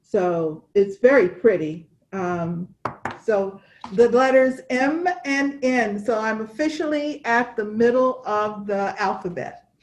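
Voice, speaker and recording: Woman co-host, unhurried, rambling friendly stitch talk. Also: mid-range voice, darkish tone, poor audio. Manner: chatty, wandering, with restarts and laughs. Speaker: cross-stitch podcast co-host. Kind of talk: casual chat showing stitching.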